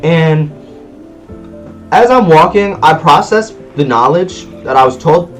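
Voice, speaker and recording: A man with a slightly high voice tells a story in a casual vlog, talking in easy slang. He acts out sounds as he goes. Soft music plays underneath. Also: slow pace. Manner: animated storytelling, loud sound effects. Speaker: vlogger.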